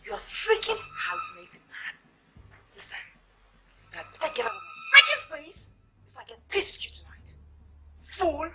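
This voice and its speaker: A foul-mouthed Nigerian doctor. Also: female voice, very high-pitched, sing-song, normal speed, gravelly, pauses often, bright, forceful tone, soft background music, full character voice, poor audio. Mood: abusive. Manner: cursing, insulting, rowdy. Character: foul-mouthed rowdy woman doctor, combative. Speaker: film actress. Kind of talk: Nollywood film acting.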